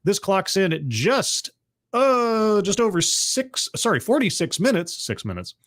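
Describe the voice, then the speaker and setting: A man hosts a relaxed livestream, talking at a fairly high pitch with a lively, bouncing delivery. He is chatty and a little sardonic, greeting viewers one by one. His voice sounds slightly rough, as if not fully warmed up. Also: a little slow. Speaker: livestream host. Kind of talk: casual livestream commentary.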